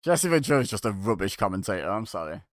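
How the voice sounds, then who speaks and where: A man's voice: on the low side, big pitch swings, fast, dry recording, studio quality. A man hosting a watch-along, giving casual, sarcastic reaction commentary and chuckling to himself.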